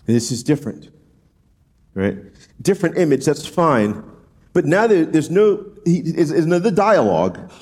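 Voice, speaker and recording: A man's voice: normal speed, pauses often. A man preaching an expository sermon, talking it through casually with frequent restarts and acting out quoted pleas. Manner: animated, acts out quoted pleas in a high voice; conversational, repeats words as he thinks aloud. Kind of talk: expository Bible teaching.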